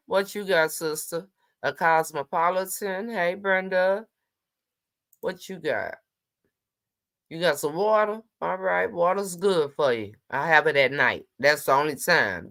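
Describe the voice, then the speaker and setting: Low-voiced woman hosting a casual livestream. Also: animated, unhurried, fairly bright tone. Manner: chatty, teasing, greets viewers by name. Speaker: livestream host.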